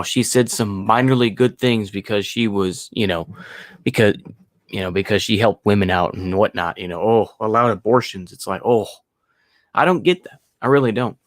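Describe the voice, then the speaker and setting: A man's voice: fairly low pitch, no room sound, clean studio sound. A man giving a casual opinion monologue as a podcast host, rambling with many fillers and restarts and sarcastic mocking asides.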